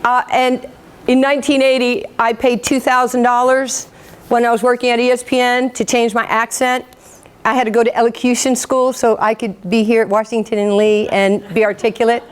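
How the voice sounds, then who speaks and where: A woman in her fifties from New York gives a motivational speech, telling her life story with animated, self-mocking humor and acting out the people in it. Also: fairly high pitch, moderate pace, clear, resonant tone. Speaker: motivational speaker.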